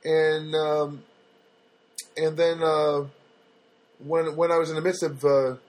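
A man's voice: a little high, little pitch movement, takes it slowly, a little mellow. A man hosting a casual solo podcast from his apartment, talking in a loose, rambling way with many fillers and restarts. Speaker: podcast host. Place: studio apartment.

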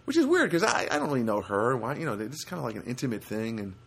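A man spinning a meandering funny story, his pitch swinging widely as he goes. He pauses for asides and restarts, and leaps up high to mimic other people and noises. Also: gravelly, husky. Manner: animated, jumps to high pitch for quoted voices and honk sounds; rambling with frequent restarts and asides. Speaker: comedic storyteller. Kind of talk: rambling anecdotal monologue.

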